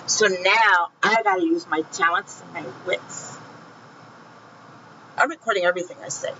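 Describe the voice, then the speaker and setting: A woman's voice: fairly low pitch, normal speed, creaky, long pauses, sharp tone, dull audio, slight background noise. A woman telling her own painful story in a vlog, heated and profane, speaking with raw feeling. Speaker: vlogger recounting her own experience. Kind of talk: emotional personal storytelling.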